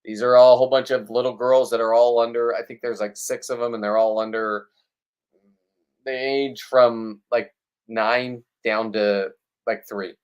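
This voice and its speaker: A man's voice: medium pitch, little pitch movement, normal speed, clear, resonant tone. Blunt rambling fishing vlogger man. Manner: blunt, rambling, self-deprecating. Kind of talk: casual rambling vlog talk.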